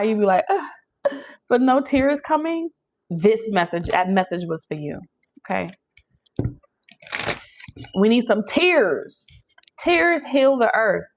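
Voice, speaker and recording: A woman giving a loose, chatty tarot reading straight to camera. She preaches and jokes in an animated way, laughing often as she speaks to her viewers. Her voice sits at a middle pitch. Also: poor audio. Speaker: tarot reader. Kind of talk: casual channeled tarot reading.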